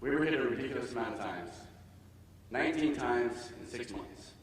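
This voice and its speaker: A man, a military veteran, telling his own story on stage in an animated way, acting out the dialogue. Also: medium pitch, moderate pace, a little hiss or hum. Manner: animated, acts out quoted dialogue. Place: stage in a large hall. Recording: echoey hall, voice from far off.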